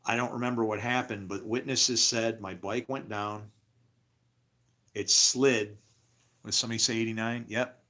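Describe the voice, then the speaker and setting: Middle-aged male storyteller, lively and loud, jumps into high voices for other people, casual and rough-spoken. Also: moderate pace, long pauses. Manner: animated, acts out other people's voices in a raised pitch.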